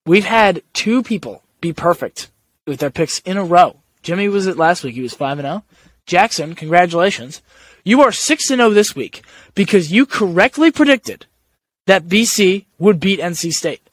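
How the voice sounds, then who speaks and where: High-voiced young man hosting a sports podcast. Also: expressive, normal speed, no echo. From Italian-American family. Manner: runs the segment, teasing. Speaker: podcast host. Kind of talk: casual sports chat.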